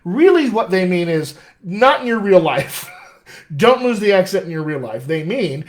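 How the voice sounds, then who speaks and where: A man's voice: sits high, very animated, a little slow. A man working as a dialect coach, answering viewer questions in a casual live-stream chat with an upbeat, chatty manner.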